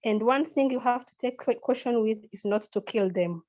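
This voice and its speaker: A woman's voice: on the high side, normal speed, a little mellow, lo-fi sound. Direct woman giving practical clinical advice. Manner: direct, practical advice with many uhs and likes. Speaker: critical care panelist. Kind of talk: expert panel discussion.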